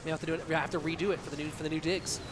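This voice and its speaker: A thirties-aged esports caster and streamer calls a live online match and chats casually with viewers, reading donations aloud in a chatty way. His voice sits on the high side with little pitch movement, and he talks rapid-fire over a noisy background.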